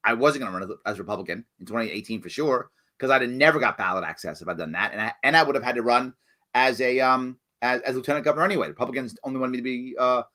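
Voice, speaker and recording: Animated man hosting a live Q&A. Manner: animated, acts out other people's lines with big jumps in pitch. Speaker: host answering viewer questions. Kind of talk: live call-in style Q&A stream.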